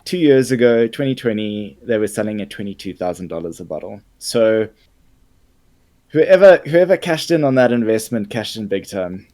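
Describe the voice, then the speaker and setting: Low-voiced man, halting, filler-heavy chat. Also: expressive. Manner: hesitant with many ums, warming up to enthusiasm. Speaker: podcast co-host. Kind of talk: casual news chat.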